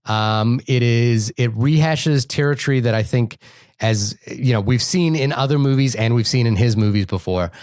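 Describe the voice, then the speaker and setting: A man's voice: mid-range voice, normal speed, darkish tone, no echo. A man co-hosting a movie podcast, talking casually and stumbling through many restarts and repeated words. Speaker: podcast co-host. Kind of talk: casual movie review chat.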